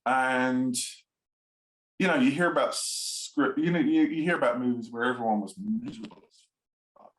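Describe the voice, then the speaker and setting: A man's voice: medium pitch, moderate pace, roomy sound, rough recording. A man, a screenwriter and producer, chatting in an interview, rambling with lots of fillers and frequent laughs. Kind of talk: casual interview chat.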